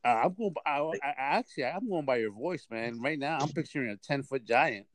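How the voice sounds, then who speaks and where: A man hosting a casual podcast chat, rambling and halting, often repeating himself. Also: medium pitch, expressive. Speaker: podcast host.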